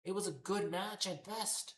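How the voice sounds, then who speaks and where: In a roomy, echoing recording, an unhurried man with a high, fairly bright voice hosts a wrestling commentary show. His delivery is an exasperated rant loaded with constant profanity.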